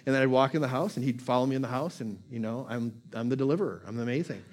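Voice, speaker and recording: A man's voice: medium pitch, rapid-fire, darkish tone, a little hiss or hum. Guy pastor preaching casual style, keeps repeating lines to hammer the point. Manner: repetitive, builds emphasis, informal asides. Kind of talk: conversational sermon.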